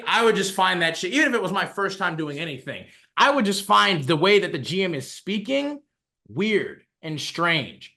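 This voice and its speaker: A man's voice: high voice, pushed and bright. A man co-hosting a podcast, ranting casually and profanely, with lots of restarts, as he reacts to a story. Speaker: podcast co-host.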